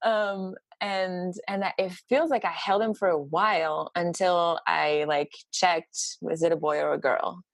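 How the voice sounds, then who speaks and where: Dry, low-voiced woman telling a story. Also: dry recording. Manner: animated, halting, many fillers. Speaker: podcast guest. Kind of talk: casual storytelling.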